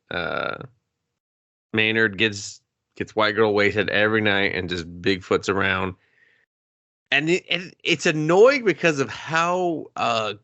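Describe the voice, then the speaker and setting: Animated, sarcastic man ranting. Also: on the low side, no echo, dull audio. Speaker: podcast co-host. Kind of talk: casual movie review chat.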